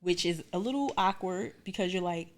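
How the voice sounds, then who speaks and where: Young woman, podcast co-host, casual animated storyteller, lowish voice. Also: brisk. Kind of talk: casual chat.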